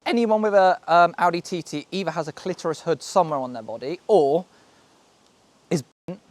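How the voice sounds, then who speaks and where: A young British man casually showing off a cheap used car, excitable, joking and swearing as he goes. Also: on the high side, normal speed. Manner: excitable, swearing, laughing, jokey. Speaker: car vlogger. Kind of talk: casual car walkaround vlog.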